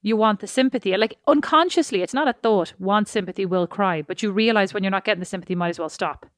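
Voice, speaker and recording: A woman, co-hosting a podcast and telling rambling, expressive stories in casual chat. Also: medium pitch, fast, no room sound, studio quality. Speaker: podcast co-host.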